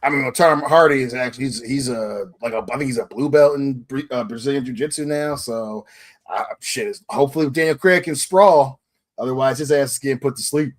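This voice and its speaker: A man's voice: mid-range voice, brisk. Rambling man chatting on a podcast. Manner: rambling, swears casually. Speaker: podcast co-host. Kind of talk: casual chat.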